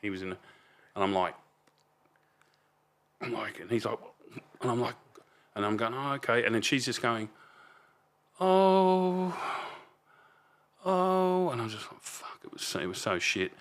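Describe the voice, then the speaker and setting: Deep, bright-toned Australian man telling stories. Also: fairly even intonation, fairly quick, pauses often. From Melbourne, Australia. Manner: rambling, frequent restarts, blunt swearing. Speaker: podcast guest. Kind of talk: casual storytelling.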